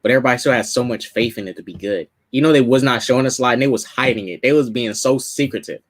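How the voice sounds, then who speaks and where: A man's voice: medium pitch, fast. A man in casual gaming chat, talking loosely with repeats and informal grammar. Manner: loose, repetitive, says "they was".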